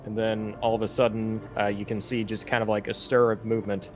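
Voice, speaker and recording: A man narrating a tabletop role-playing game as game master, relaxed and descriptive with many fillers. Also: on the low side, fairly quick.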